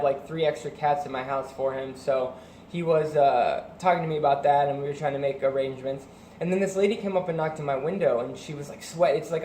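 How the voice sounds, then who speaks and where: Young guy rambling through a story, lots of likes and ums, slightly high voice, echoey room. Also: a little mellow, a little hiss or hum. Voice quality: rambling, many fillers and restarts. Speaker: vlogger. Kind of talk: casual storytelling.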